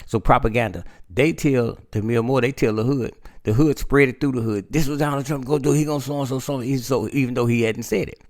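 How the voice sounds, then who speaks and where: A man with a gravelly, creaky voice talks in a loose, repetitive monologue. He keeps addressing his listeners as "man", circling back over the same points at a middle pitch. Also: fairly quick, hardly any pauses, darkish tone. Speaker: political commentator. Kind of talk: casual monologue.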